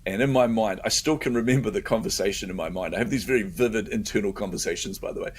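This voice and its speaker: A man's voice: lowish voice, fast, a little hiss or hum. A middle-aged man tells a story in a casual interview, acting out his own inner voice. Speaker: podcast host telling a story as a guest.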